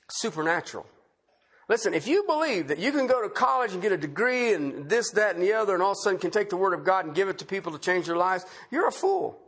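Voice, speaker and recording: Animated high-pitched male preacher. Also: husky. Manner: conversational, rhetorical questions, repeats key phrases. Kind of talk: sermon.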